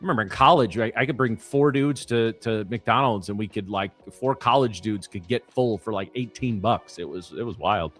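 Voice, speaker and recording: A man's voice: on the low side, moderate pace, few pauses, a bit bright, faint music behind. Een man van middelbare leeftijd die als streamhost losjes vertelt, met grappende, wat rommelige anekdotes. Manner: rambling, joking anecdotes with restarts. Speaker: stream host and trader. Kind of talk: casual chat on a live stream.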